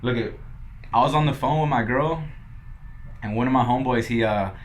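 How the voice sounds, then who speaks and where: A man's voice: medium pitch, fairly quick. Young man, casual storytelling, laid-back, heavy swearing, faint background noise. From Los Angeles. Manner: laid-back, swears a lot, quotes others in dialogue. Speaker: podcast guest.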